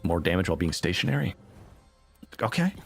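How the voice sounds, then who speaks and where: A man chats casually while he streams a game, rambling from one aside to the next. His voice is low and gravelly, and it rises and falls a lot. Faint music plays behind him. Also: a little fast. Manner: rambling, animated, full of asides. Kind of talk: casual gameplay commentary.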